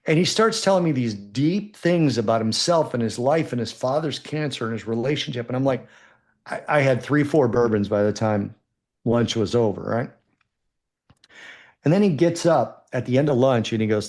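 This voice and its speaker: A man's voice: medium pitch, moderate pace. A man telling a long casual story on a podcast, swearing freely and acting out both sides of the conversation. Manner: animated, profane anecdotes with acted quotes. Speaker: podcast guest.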